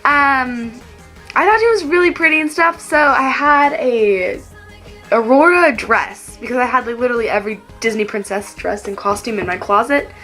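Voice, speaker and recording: A woman's voice: on the high side, moderate pace, pushed and bright, soft background music. A teenage girl from Texas chatting to the camera, telling childhood stories in a chatty, giggly way and acting out what she said as a kid. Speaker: vlogger. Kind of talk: casual storytelling to camera.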